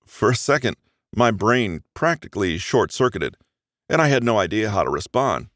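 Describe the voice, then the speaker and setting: Low, lively male audiobook narrator. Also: moderate pace, dry recording, clean studio sound. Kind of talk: first-person romance audiobook narration.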